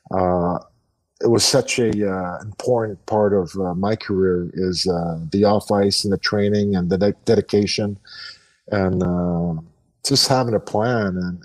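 Deep-voiced middle-aged man, set back from mic. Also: steady tone, measured pace, darkish tone, far from the mic, rough recording. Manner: earnest, reflective, many fillers and restarts. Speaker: guest, retired pro hockey player. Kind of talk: casual podcast interview.

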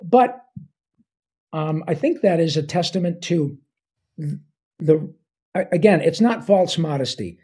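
A man in his sixties, a guest voice actor, chats in a casual interview with eager enthusiasm, wandering into asides and using fillers. His voice is a bit high for a man, mellow and warm with a husky edge, lively in intonation, unhurried, and full of pauses.

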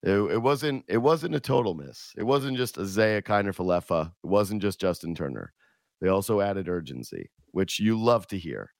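A man's voice: low voice, lively intonation, normal speed, creaky, dry recording, clean studio sound. A man with a cold hosting a sports radio show, talking alone in a sarcastic, rambling way with lots of restarts. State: sick, losing his voice. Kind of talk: casual solo monologue. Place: radio studio.

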